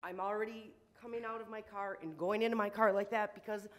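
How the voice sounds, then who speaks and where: A woman's voice: mid-range voice, steady tone, fairly quick. An upset woman making a public comment at a city meeting, emotional and shaky, with frequent ums. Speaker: resident speaking at public hearing. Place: city council meeting room.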